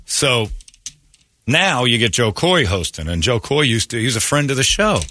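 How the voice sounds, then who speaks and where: A man's voice: mid-range voice, sing-song, moderate pace, sharp tone. A man hosting a morning radio show, rambling through blunt, opinionated stories in casual chat from a studio mic.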